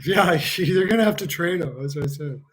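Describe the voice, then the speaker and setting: A man's voice: fairly high pitch, fairly quick, a bit bright. A man hosting a casual hockey watch-along stream, joking, laughing often and swearing freely. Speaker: livestream host.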